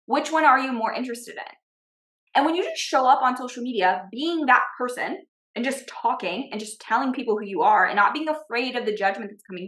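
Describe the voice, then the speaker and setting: A woman who is a business coach and podcast host teaches through personal stories with lots of energy, frequently checking in with "okay?" and "right?". Her voice is a little high, and the recording has a roomy echo.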